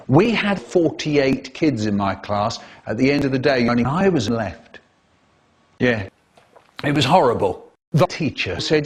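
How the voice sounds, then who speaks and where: A man telling a comic story in a playful way, with a husky voice. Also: medium pitch, sing-song, unhurried.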